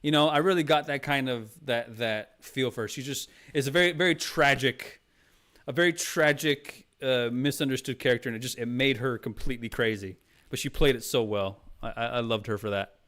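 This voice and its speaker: Man, casual streamer chat, rambling, lots of uh and you know, smooth clear voice, mid pitch. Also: fairly quick, a bit bright. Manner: rambling, filler-heavy, calls viewers "Mama".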